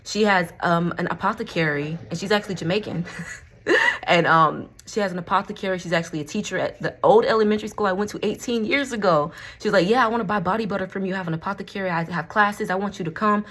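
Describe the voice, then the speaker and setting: A woman's voice: mid-range voice, fast, a bit bright. A woman from Florida chatting to camera at home, rambling and laughing often, saying y'all. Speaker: vlogger and crystal seller. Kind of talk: casual chat to camera.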